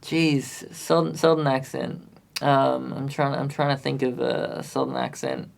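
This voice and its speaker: A man's voice: medium pitch, steady tone, measured pace, gravelly. A man live-streaming a music recording session, thinking aloud and chatting with viewers in a self-deprecating way. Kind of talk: casual live-stream chat.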